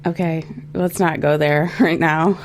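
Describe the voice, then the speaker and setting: A woman co-hosts a casual podcast in a studio. Her voice is low and gravelly, and her delivery is flat and hesitant, full of ums. There is faint noise in the background. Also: unhurried. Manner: hesitant, with many ums and restarts. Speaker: podcast co-host.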